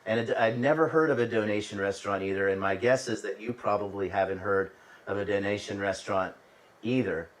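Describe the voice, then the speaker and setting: A man with a fairly low voice recounts a story from his travels in a relaxed, chatty monologue. He restarts phrases and turns to the listener with asides. His voice sits a little back from the microphone. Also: brisk, far from the mic, rough recording. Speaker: host telling travel stories.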